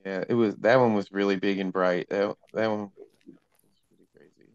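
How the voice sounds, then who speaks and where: A man's voice: fairly low pitch, steady tone, moderate pace, clean tone, muffled recording. A young man telling a story in a casual, rambling way full of fillers, heard over a video call. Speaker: panel guest.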